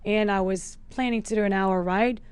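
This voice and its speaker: A woman's voice: medium pitch, normal speed, clean tone, no room sound. Laughing South African woman in her forties. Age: 40s. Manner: lively, laughs often, acts out her own quoted lines. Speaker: podcast guest. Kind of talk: casual chat.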